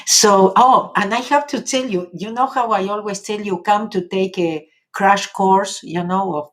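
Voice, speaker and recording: A woman's voice: medium pitch, a little slow. A middle-aged woman with an Argentinian accent, a native Spanish speaker, giving a chatty live-stream talk as a spiritual teacher and often checking in with "yes?". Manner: chatty, frequent "yes?" tag questions.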